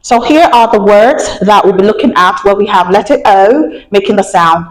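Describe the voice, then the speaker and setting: A woman's voice: medium pitch, lively intonation, normal speed, roomy sound, poor audio. A woman teaching pronunciation, leading the class to repeat words after her and asking quiz questions. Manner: leads call-and-response repetition, asks quiz questions.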